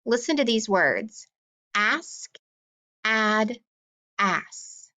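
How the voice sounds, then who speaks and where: A woman teaching a phonics lesson to young children, patient and encouraging, slowly drawing out letter sounds. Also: fairly high pitch, lively intonation, pushed and bright.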